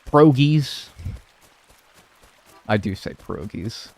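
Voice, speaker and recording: A man's voice: lowish voice, very animated, moderate pace. Rambling Pittsburgh-accented young man streaming. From Pittsburgh area, US. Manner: rambling, jokey storytelling with silly put-on voices. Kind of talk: casual stream chat while gaming.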